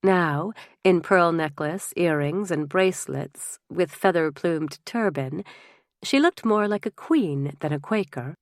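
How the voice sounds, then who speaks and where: A woman narrating a historical novel in first person, measured and expressive. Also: fairly low pitch, no echo, clean studio sound. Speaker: audiobook narrator.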